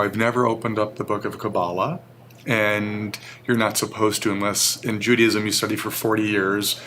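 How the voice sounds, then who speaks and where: A man's voice: fairly low pitch, a bit bright, a little hiss or hum. A man as an interview guest, telling a personal story in an earnest, emotional way. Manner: earnest, emotional, vivid retelling.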